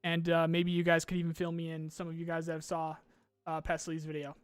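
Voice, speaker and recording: A man's voice: fairly high pitch, monotone, fast, smooth, dry recording. A young adult man hosting a gaming podcast in casual chat, ranting with lots of swearing and restarts.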